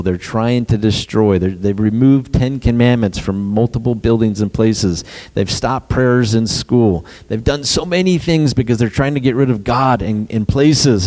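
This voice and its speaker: A man's voice: mid-range voice, dark tone. A pastor delivering a sermon, asking the congregation questions and acting out quotes as he goes. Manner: preaching with rhetorical questions and acted-out quotes.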